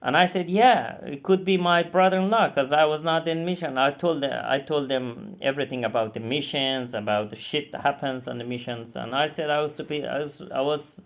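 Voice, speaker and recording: Bitter, profane man telling his story. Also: fairly high pitch. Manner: bitter, profane, halting with many restarts. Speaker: former combat interpreter. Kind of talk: angry personal storytelling.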